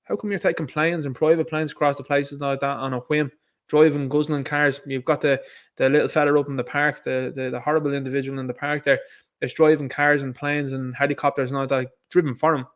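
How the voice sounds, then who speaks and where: A man's voice: mid-range voice, level tone, a little fast. A man hosting his own online show, giving a blunt, mocking commentary monologue that rambles with restarts.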